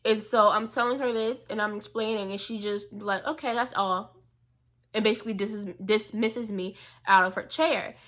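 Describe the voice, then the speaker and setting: A woman's voice: mid-range voice, moderate pace, few pauses. A young woman vlogger telling an indignant storytime about a past job, quoting the people involved. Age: young adult. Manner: animated and indignant, quoting others. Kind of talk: storytime vlog.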